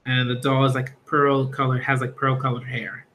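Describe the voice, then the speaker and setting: A man's voice: medium pitch, fast talker, few pauses, fairly bright tone, slight background noise. A man reviewing a manga in a rambling, chatty live reaction, with slangy asides. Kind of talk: casual live reaction commentary.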